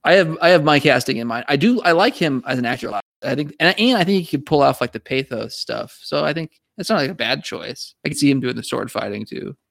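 A man co-hosting a casual podcast discussion, animated and talking in quick restarts and repeated words. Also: mid-range voice, gravelly, dry recording, clean studio sound. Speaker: podcast co-host.

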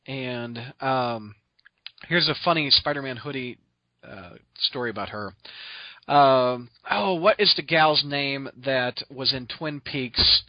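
A man hosting a podcast, telling stories in an excitable, rambling way full of restarts and laughs. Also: medium pitch, slow pace, no echo, highs cut off. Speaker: podcast host. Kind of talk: casual storytelling chat.

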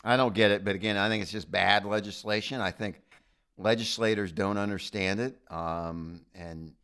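American male podcast host, lowish voice, halting, opinionated chat. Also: steady tone, a bit bright, smooth. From United States. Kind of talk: casual chat.

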